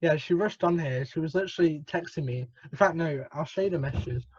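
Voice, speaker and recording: A man's voice: fairly high pitch, a little fast, husky, dry recording, muffled recording. A teenage boy from the UK hosting a casual podcast over a video call, laughing often, his voice cracking upward now and then. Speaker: podcast host.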